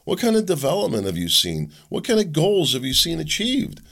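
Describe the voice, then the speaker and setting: Male talk show host, gravelly and lively in pitch, opinionated and sarcastic rambler. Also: a little fast.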